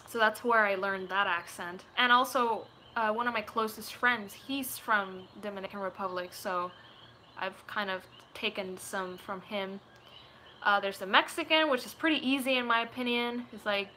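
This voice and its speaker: Bright-voiced chatty woman. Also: mid-range voice, moderate pace, a little hiss or hum. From Puerto Rico. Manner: chatty, rambling, giggly. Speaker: gaming YouTuber. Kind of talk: casual chat answering viewer questions.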